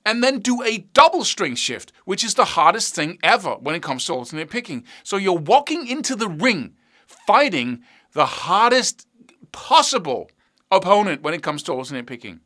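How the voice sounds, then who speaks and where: A man teaching guitar technique, explaining with vivid analogies and rhetorical questions in an animated way. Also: sits high, moderate pace. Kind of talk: instructional talk to camera.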